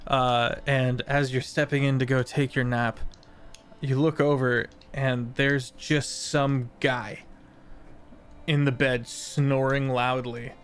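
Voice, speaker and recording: A woman narrating as game master, playful and quick to laugh. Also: rumbling low, little pitch movement, smooth.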